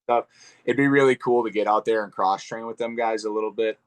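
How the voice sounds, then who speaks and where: A young man with a fairly low voice chats loosely as an interview guest. He rambles in a relaxed way, full of fillers and casual swearing. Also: brisk, clear, resonant tone. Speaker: guest fighter.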